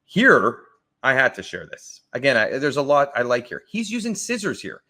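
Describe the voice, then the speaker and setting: A man talks through a martial arts demo in a relaxed, conversational way. He sounds enthusiastic and thinks out loud, breaking off and restarting sentences. His voice sits at an ordinary middle pitch. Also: normal speed. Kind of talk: casual reaction commentary.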